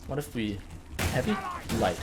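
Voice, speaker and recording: A man giving casual gameplay commentary as a channel host, thinking aloud, getting excited and swearing now and then. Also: lowish voice, unhurried, heavy background noise.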